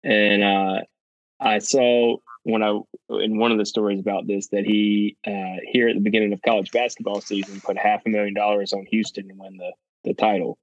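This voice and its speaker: A man co-hosting a podcast, rambling through a story with lots of restarts. His voice sits low. The recording sounds dull and lo-fi, and dry. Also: little pitch movement, normal speed, no room sound. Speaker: podcast co-host. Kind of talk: casual chat.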